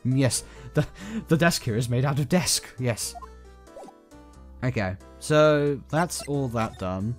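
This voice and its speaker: A man's voice: mid-range voice, animated, measured pace, faint music behind. A man casually commenting on a game playthrough, reading its text aloud and making fun of himself as he goes. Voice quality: casual, rambling, self-mocking. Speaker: gaming YouTuber.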